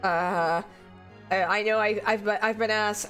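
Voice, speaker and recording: A woman's voice: mid-range voice, fairly even intonation, a little slow, fairly bright tone, soft background music. A young woman from France chatting casually on a livestream, giggly and laughing often. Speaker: streamer.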